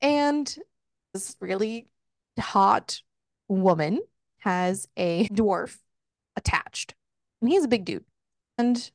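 A woman's voice: medium pitch, no echo, studio quality. A woman hosting a casual book club podcast, laughing and candidly retelling scenes with quoted lines. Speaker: podcast host recapping a book.

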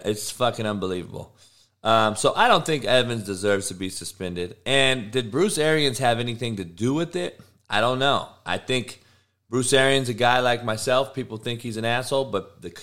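A man's voice: mid-range voice, fairly bright tone. A middle-aged man hosting a live show, a football coach who rants and trash-talks with constant swearing. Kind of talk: profane live-stream rant.

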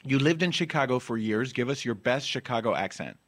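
A man's voice: mid-range voice, expressive, fairly bright tone. Wry male podcast host. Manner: quick, wry quiz-host banter. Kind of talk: casual interview chat.

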